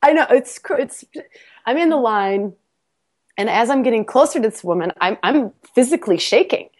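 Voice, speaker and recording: A woman guesting on a podcast tells a personal story in a casual interview, animated and self-mocking, laughing often and repeating words as she restarts sentences. Her voice is on the high side, at a moderate pace.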